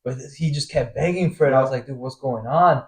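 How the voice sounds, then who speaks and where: A man's voice: medium pitch, fairly quick, low-quality recording. A young man from Argentina, a professional soccer player, telling a story as a podcast guest with lots of casual fillers. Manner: animated, heavy slang fillers like bro and like.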